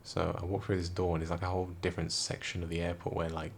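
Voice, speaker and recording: A tired young man, quietly rambling through a casual story late at night in a vlog. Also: low-pitched, completely flat delivery, fast talker, gravelly, slight background noise. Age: young adult. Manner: hushed, quiet, rambling talk. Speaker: vlogger. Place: room indoors at night.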